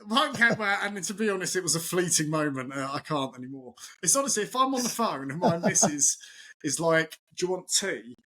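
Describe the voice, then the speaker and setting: A man, his voice sitting a little higher than most men's. He talks as a podcast guest in easy, casual chat. He tells animated stories and slips into the voices of the people in them. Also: a little fast. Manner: animated anecdotal storytelling, acts out quoted voices.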